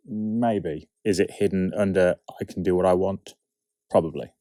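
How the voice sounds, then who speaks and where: A man of about forty talks through production notes in a casual, wry way, often asking himself questions and answering them. His voice sits very low. The sound is dry and close, with no room around it. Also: steady tone, moderate pace, mellow, dry recording. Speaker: writer and producer of an audio drama series. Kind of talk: behind-the-scenes production commentary.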